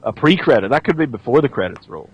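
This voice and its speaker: A man hosting a podcast, chatting casually and telling a scene with lively restarts. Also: mid-range voice, fast talker, slightly rough, highs cut off. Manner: animated storyteller, stammers and restarts. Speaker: podcast host. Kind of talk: casual chat.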